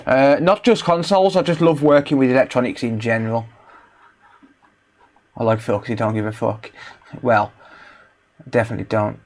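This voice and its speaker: Brief: Midlands man, mid-pitched, banters and swears while doing repairs on a live stream. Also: fairly even intonation, normal speed, pauses often, darkish tone. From English Midlands. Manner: joking, bantering, swears freely. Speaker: electronics repair livestreamer. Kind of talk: casual livestream chat while working.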